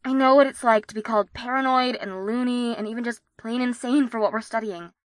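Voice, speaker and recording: A woman playing a high-voiced stubborn grad student. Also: fairly even intonation, a little fast, dry recording, natural voice. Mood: defensive. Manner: defensive and earnest. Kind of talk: audio drama acting.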